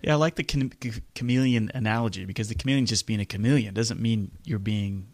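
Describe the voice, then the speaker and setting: A man's voice: fairly low pitch, fast talker, darkish tone, dry recording, studio quality. A man hosting a podcast, responding with short affirmations and building on his guest's ideas. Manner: affirming, frequent short agreements. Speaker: podcast host. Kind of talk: conversational interview.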